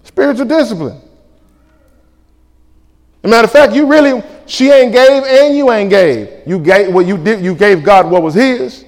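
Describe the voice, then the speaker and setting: A male pastor preaching a sermon, lively and colloquial, acting out back-and-forth dialogues. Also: sits high, moderate pace. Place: church sanctuary. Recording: reverberant church hall.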